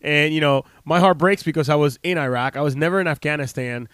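Talking quickly in a slightly high, somewhat bright voice, a health practitioner from the United States, late thirties, delivers an unscripted monologue to camera. It's rambling and sincere, packed with filler words and false starts. The studio recording is clean, with no room sound.

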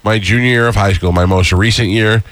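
A man's voice: on the low side, fairly even intonation, brisk, a bit bright. A man hosting a radio show, joking and teasing his co-hosts in casual banter.

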